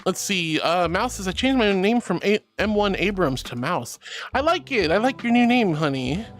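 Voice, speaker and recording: A woman streaming casually, reading chat messages aloud in a bubbly, affectionate way. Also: mid-range voice.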